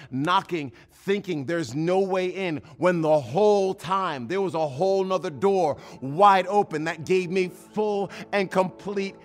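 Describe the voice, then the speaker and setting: A male pastor preaching a sermon. He tells a personal story, acts out his own past lines and builds to emphatic, repetitive preaching. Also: fairly high pitch.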